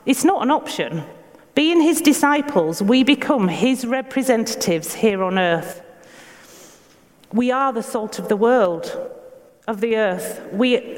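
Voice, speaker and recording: A woman with a Yorkshire accent giving an earnest, measured sermon in a church, asking her listeners questions. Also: a little high, big-room sound. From Yorkshire, England. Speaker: preacher.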